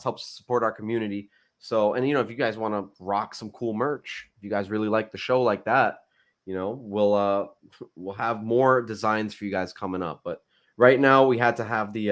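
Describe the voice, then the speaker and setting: A man co-hosting a casual wrestling podcast, talking in an excitable, rambling way and laughing often. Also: mid-range voice. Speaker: podcast co-host.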